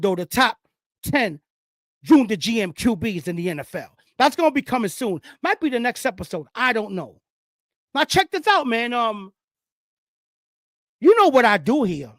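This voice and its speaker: A man hosting a casual football talk show, his voice rising and falling animatedly as he lectures and hypes his audience. He lets out whoops of excitement. The sound is dry, with no room echo. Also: very high voice. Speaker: sports show host. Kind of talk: casual sports talk monologue.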